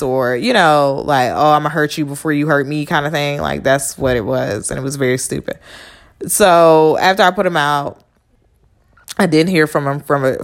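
A woman with a somewhat low voice hosts her own podcast as a casual solo monologue. She is blunt and candid, swears freely, and keeps turning to the listener as if they were a friend. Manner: conversational, addresses listener directly. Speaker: podcast host.

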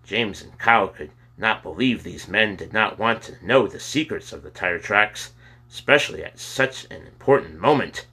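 A man reading a children's novel aloud with steady storytelling. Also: fairly low pitch, moderate pace, husky. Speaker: audiobook narrator.

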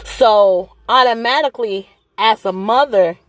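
A woman's voice: a little high, a little slow, no room sound. A woman, a mother who works at a hospital, tells a personal story in a conversational, emotional way with many fillers.

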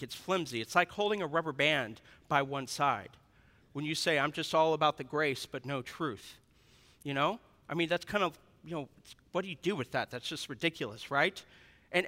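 A man preaching a sermon to a congregation, dynamic and humorous, swinging between loud emphasis and hushed asides. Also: high-pitched. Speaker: pastor. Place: large church hall. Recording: reverberant hall.

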